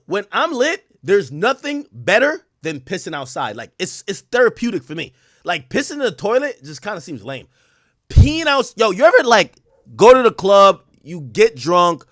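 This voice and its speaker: A young adult man hosting a live stream, reacting loudly to gossip with profane, animated commentary and frequent laughter. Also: on the high side, no echo, clean studio sound. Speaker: streamer host.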